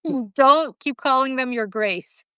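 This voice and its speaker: A woman from the United States co-hosting a casual political chat, animated and teasing, laughing often. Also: high-pitched, a little slow, clear, resonant tone, no echo. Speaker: podcast co-host.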